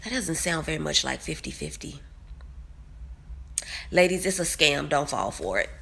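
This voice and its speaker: Low, bright-voiced woman, wry. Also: big pitch swings, moderate pace, creaky, a little hiss or hum. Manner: wry, complaining. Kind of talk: casual storytelling to camera.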